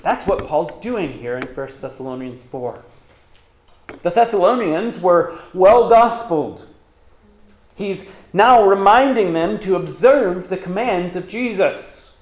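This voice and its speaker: A man's voice: high voice, a little mellow, roomy sound. A man pastor preaching a sermon, asking rhetorical questions and reading scripture aloud with emphasis.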